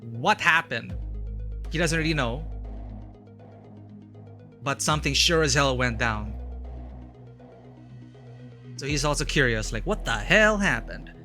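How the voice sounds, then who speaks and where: Bright, chatty male game streamer. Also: medium pitch, expressive, slow pace, long pauses, soft background music. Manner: chatty, laughing, reads game text aloud. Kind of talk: casual live-stream commentary.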